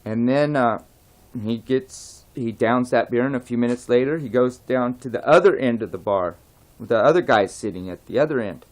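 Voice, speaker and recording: A man tells a long joke in a casual, rambling way, at a mid-range male pitch. He circles back, restarts, and often drops to a soft voice. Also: normal speed. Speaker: joke teller.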